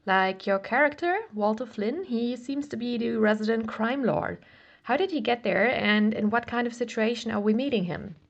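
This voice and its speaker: Creaky woman interviewer, dull lo-fi sound. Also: fairly high pitch, moderate pace. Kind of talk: casual interview questions.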